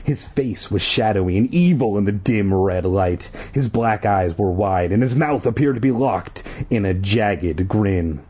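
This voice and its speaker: A man reading a spooky storybook aloud in an animated way, dropping offhand joking asides. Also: fairly low pitch, a little slow, few pauses, husky.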